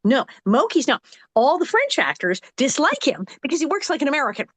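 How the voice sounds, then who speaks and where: A woman in her sixties tells animated stories as an actress guest, jumping into other people's voices as she goes. Her voice sits fairly high, and the recording is dry and close, with no room around it. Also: brisk, dry recording. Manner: animated storyteller who acts out quotes. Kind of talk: casual interview anecdote.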